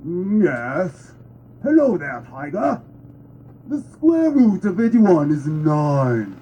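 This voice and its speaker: A man putting on an English accent to play a calm, polished lecturer speaking to a tiger. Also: a little high, slow pace, muffled recording, a little hiss or hum, pitched above the performer's own voice. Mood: composed.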